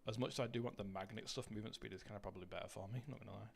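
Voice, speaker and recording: A man's voice: on the low side, steady tone, racing, creaky, slight background noise. A man chatting casually to his live-stream audience while gaming, rambling, swearing and greeting viewers by name.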